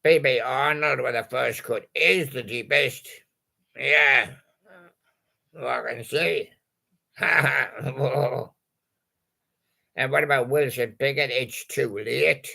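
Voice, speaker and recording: A man's voice: mid-range voice, slow, vocal fry, pauses often, bright, forceful tone. A male host making playful, punning patter about old song titles and chuckling at his own jokes.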